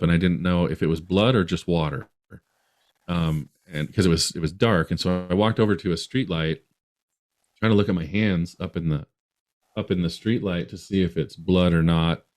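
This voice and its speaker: A man from Utah, a podcast guest, telling a long story in a rambling way with many restarts. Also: deep voice.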